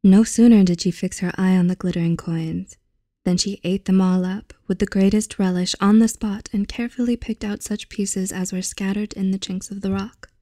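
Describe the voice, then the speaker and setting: A young woman hosting her channel, reading a fairy tale aloud in a soft, unhurried voice that often drops to a half-whisper. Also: medium pitch, steady tone, no room sound, studio quality.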